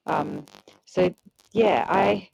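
A woman's voice: fairly low pitch, very slow, vocal fry, darkish tone, slightly rough, low-quality recording. A woman chatting casually about a show, hesitant and searching for words. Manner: hesitant, restarts often, many fillers. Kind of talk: casual chat reviewing a show.

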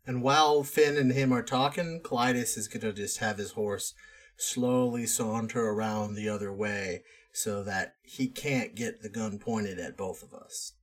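A man playing a tabletop western role-playing game. He describes his character's actions eagerly in a plain mid-pitched voice. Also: steady tone, measured pace. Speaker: player. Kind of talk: tabletop role-play banter.

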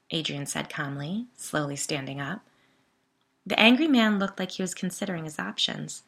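A woman's voice: sits low, normal speed, gravelly, fairly bright tone, breathy edge. A woman narrating a first-person story in a conversational, wry way.

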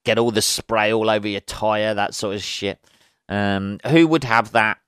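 A man's voice: fairly low pitch, unhurried, a bit bright, smooth, no room sound, clean studio sound. A man hosting a casual solo podcast, ranting with lots of swearing and exasperation. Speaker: podcast host.

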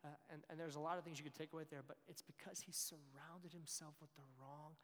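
A man's voice: a little high, fairly even intonation, quick pace, fairly bright tone, in a large hall. A man preaching a sermon, retelling a scripture story and reading its quoted lines with emphasis.

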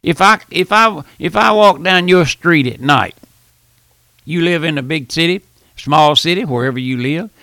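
A man preaching as a pastor in a fervent radio sermon, swinging between hushed pleading and loud urging. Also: on the high side, moderate pace, creaky, dry recording.

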